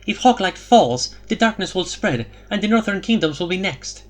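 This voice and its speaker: A man's voice: sits high, expressive, moderate pace, pitched above the performer's own voice. A man playing a curt, cynical woman envoy. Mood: urgent. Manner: curt, skeptical. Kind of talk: audiobook character voice.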